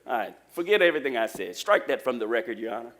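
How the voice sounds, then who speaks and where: A man preaching a lively sermon in a church, joking with the congregation. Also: mid-range voice, quick pace. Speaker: pastor.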